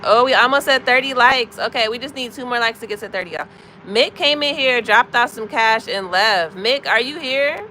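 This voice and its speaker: Bright and forward, this American woman's voice sits fairly high and moves at a normal pace as she chats with her livestream audience. In her thirties and easygoing, she talks a lot, greets viewers by name, and drifts from one comment to another. Faint city traffic hums in the background, as though she's outdoors near a car.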